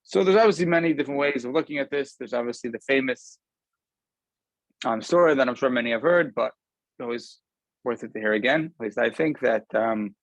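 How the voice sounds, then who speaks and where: A rabbi gives an informal Torah talk over a video call. His voice sits at an ordinary middle pitch and sounds dry and close. He talks conversationally and pauses often with ums. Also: gravelly, dry recording, poor audio. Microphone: video call camera.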